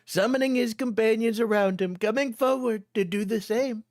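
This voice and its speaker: A man's voice: high-pitched, normal speed, no room sound, studio quality. A young man, a streamer, reading fanfiction aloud for laughs and often cracking up. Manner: amused, often breaking into laughter.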